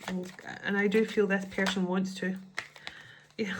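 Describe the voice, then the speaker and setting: A woman's voice: medium pitch, flat delivery, moderate pace, a little hiss or hum. A woman giving a tarot card reading. She thinks aloud in a chatty way and often restarts her sentences. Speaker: tarot reader.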